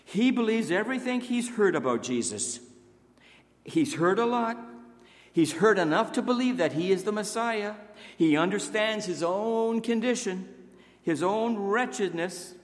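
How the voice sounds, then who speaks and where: A man preaching a sermon in a church, emphatic, rising to raised exclamations and dropping to hushed low asides. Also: lively intonation, a little slow. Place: church sanctuary. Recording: long echoing reverb of a church hall.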